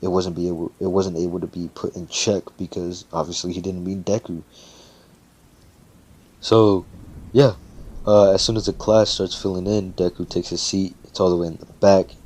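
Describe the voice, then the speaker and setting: Deep-voiced man casually telling a fan story. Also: level tone, moderate pace, darkish tone. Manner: loose and profane, with frequent fillers.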